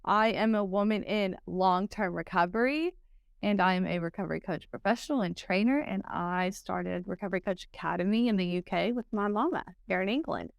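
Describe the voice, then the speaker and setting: A woman's voice: medium pitch, brisk, gravelly, no echo. A woman with a Texan accent, a recovery coach trainer chatting as a guest on a podcast, telling stories in a friendly, rambling way. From Texas, US. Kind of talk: casual podcast interview.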